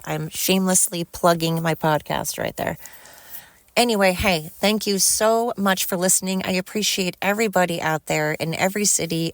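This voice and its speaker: A woman's voice: fairly low pitch, no room sound. A middle-aged woman hosting a solo podcast, rambling and heartfelt, swearing freely as she vents and then thanks her listeners. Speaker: podcast host.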